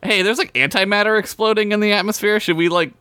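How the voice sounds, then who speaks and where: A man's voice: high-pitched, steady tone, fast, bright, forceful tone, clean tone, dry recording. A man co-hosting a podcast, chatting casually about a TV episode in a laid-back way, saying dude and like often. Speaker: podcast co-host. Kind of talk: casual chat recapping a TV episode.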